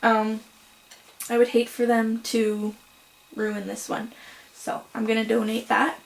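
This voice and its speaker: A young woman with a slightly high voice talks casually to her camera at home about yarn and crochet. She is chatty and a little apologetic, filling pauses with "um" and "so". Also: monotone, gravelly, background noise. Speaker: crochet vlogger. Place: home room.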